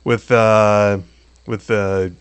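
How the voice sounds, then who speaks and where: A man's voice: on the low side, flat delivery, very slow. Man hosting a jokey TV chat. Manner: jokey, steers the talk with questions. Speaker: podcast host. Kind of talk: casual chat.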